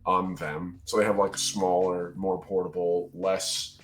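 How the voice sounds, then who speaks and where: A man's voice: low-pitched, little pitch movement, a little slow. A man chatting casually on a live stream, brainstorming ideas in a loose, rambling way full of fillers. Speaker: worldbuilding stream host. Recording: faint music underneath.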